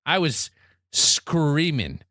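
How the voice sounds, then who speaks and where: Bright, rambling comic man. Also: on the high side, big pitch swings, extremely slow, dry recording, studio quality. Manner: rambling, exaggerated comic storytelling. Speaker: podcast co-host. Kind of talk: casual comedic chat.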